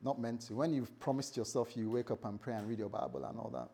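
This pastor talks fast in a mid-range voice that's creaky and husky. Preaching animatedly, he alternates loud bursts with quiet asides and often imitates others' voices.

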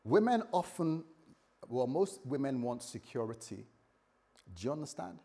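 A male pastor delivers a lively sermon to a church congregation. His voice is somewhat husky, sitting at an ordinary pitch for a man. He keeps asking whether the listeners follow him. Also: moderate pace. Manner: animated preaching with acted quotes and asides to the congregation.

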